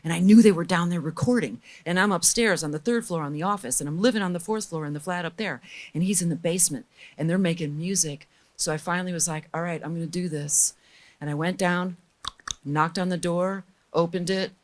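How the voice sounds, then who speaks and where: Low-voiced woman telling candid stories. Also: a little fast. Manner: lively, candid storytelling, voicing the people she quotes. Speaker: guest recording engineer. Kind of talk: storytelling in a casual interview.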